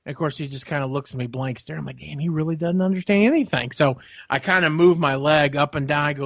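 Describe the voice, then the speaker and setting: A man's voice: a little high, fast talker, fairly bright tone, no echo. A man co-hosting a podcast, telling a long rambling story in casual chat and acting out the people in it. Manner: rambling storyteller, acts out voices, laughs often. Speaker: podcast co-host.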